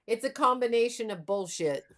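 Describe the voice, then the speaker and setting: A woman's voice: on the high side, animated, moderate pace, a bit bright. Blunt, cussing woman astrologer. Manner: blunt, profane, matter-of-fact. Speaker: astrologer and psychic medium guest. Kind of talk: casual interview chat.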